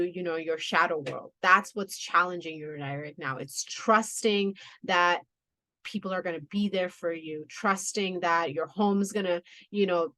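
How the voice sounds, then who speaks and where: A woman's voice: on the low side, a bit bright. A woman doing a spiritual tarot reading, talking in a soothing, reassuring way with many "you know" and "okay" asides. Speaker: tarot reader.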